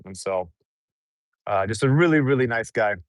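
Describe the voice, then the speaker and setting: A man's voice: lowish voice, animated, normal speed, dry recording. A young American man chatting casually in a travel eating vlog, laid-back and rambling, with frequent chuckles. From United States. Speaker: travel vlogger. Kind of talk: casual mukbang vlog chat.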